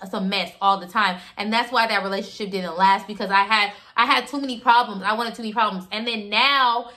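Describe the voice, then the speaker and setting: A young woman telling a casual story to her viewers, animated and acting out the people she quotes. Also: medium pitch. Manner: animated, acts out quotes in shifting voices.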